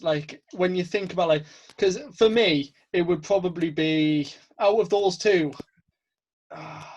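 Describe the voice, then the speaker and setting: A young British man hosting a casual interview podcast, relaxed and agreeable, laughing easily. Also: fairly high pitch. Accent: British English. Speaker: podcast host.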